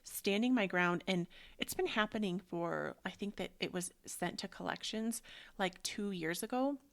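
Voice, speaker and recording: A woman yoga teacher hosting a book club, chatting loosely about energy and nature and guiding a meditation, often drifting into soft whispery asides. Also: mid-range voice, normal speed, gravelly. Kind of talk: casual spiritual reflection and guided meditation.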